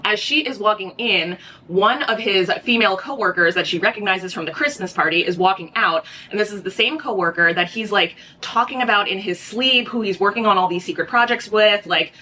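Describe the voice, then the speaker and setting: A woman vlogging at home, retelling a story in an animated, gossipy way and saying "like" often. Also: mid-range voice, brisk, slight background noise. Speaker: book vlogger. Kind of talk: casual chatty vlog narration.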